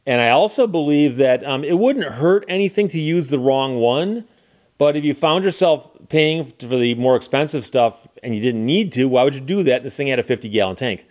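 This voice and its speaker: A man from the Detroit area, hosting his own channel, tells a casual anecdote with animated delivery and acts out the dialogue. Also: medium pitch. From Detroit area, Michigan. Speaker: channel host.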